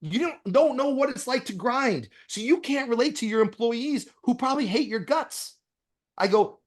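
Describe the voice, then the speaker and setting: A man who is a dentist, a guest on a podcast interview, talking bluntly with profanity and animated storytelling. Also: extremely high pitch, normal speed.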